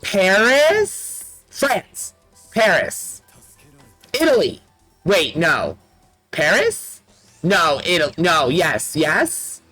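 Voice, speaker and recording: Excitable Canadian gamer, slow-talking. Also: mid-range voice, faint music behind, low-quality recording. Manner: excitable, quick to laugh, loud playful outbursts. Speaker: let's play streamer. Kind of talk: casual gameplay chat with viewers.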